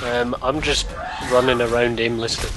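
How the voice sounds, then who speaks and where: A man's voice: mid-range voice, fairly even intonation, moderate pace, low-quality recording. Casting: dry, teasing male gamer, co-op chat, game music behind. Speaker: co-op gameplay commentator. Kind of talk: casual co-op gameplay chat.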